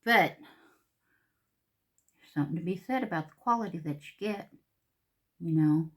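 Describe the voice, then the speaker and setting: Brief: woman vlogger, lower-pitched, chatty makeup talk with whispered asides. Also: moderate pace, pauses often. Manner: chatty, drops into whispers, repeats words. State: a little out of breath. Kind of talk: casual makeup tutorial chat.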